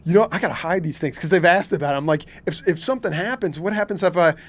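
Charter captain, man from Kentucky, chatty guest who laughs a lot, slightly high voice. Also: fast. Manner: animated, laughs often, frequent restarts and filler. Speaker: shark fishing charter captain, podcast guest. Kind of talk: casual storytelling.

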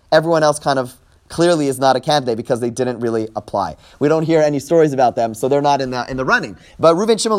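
A man's voice: fairly high pitch, a little mellow, a little hiss or hum. A middle-aged man teaching a class, reading Hebrew verses aloud, translating them and explaining as he goes, often repeating words as he thinks. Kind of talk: classroom Torah lesson.

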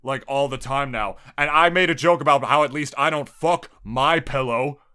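A man co-hosting a podcast in crude casual banter, joking, swearing a lot and breaking into high laughing shouts. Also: moderate pace, smooth. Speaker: podcast co-host; Smash commentator.

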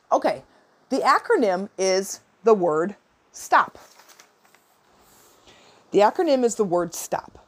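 A woman in her forties giving advice in a casual, chatty talk, with lots of fillers and acted-out quotes. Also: mid-range voice. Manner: chatty, animated, many fillers and quoted asides.

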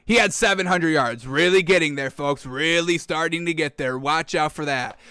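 A high, bright male voice, recorded dry and close. He is a sports talk show host who gets worked up fast, ranting and riling up his listeners, and he keeps calling out to "folks.". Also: smooth, no room sound. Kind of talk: excitable sports commentary. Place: studio with a backdrop.

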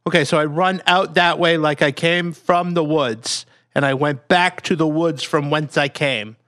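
A man's voice: on the high side, measured pace, fairly bright tone. A man playing a tabletop game, hesitant and stammering as he describes his moves. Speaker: player.

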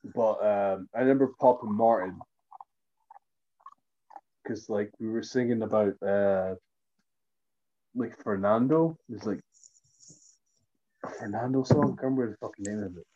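Animated man, mellow tone. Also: fairly low pitch, normal speed, long pauses, muffled recording. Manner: animated storyteller, swears freely. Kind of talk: casual chat.

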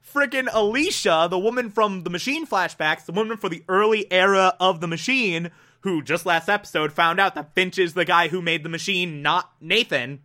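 A man recapping a TV episode with excitable, gushing enthusiasm, repeating words for emphasis and acting out quotes. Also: high-pitched, moderate pace. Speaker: TV episode reviewer.

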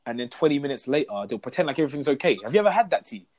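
A man's voice: on the high side, lively intonation, very fast, darkish tone. A young man, chatting casually and acting out both sides of arguments as he tells stories. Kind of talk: casual chat.

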